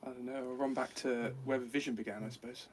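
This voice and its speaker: Hesitant, soft-spoken man player. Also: mid-range voice, little pitch movement, quick pace, slight background noise. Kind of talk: casual tabletop game play.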